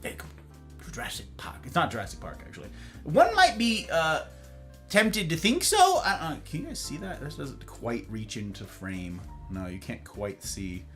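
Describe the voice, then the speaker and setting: A man's voice: on the high side, wildly swooping pitch, normal speed, bright, forceful tone, soft background music. A man hosting a casual live stream from his home office, playfully greeting viewers by name and chatting with them. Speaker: livestream host.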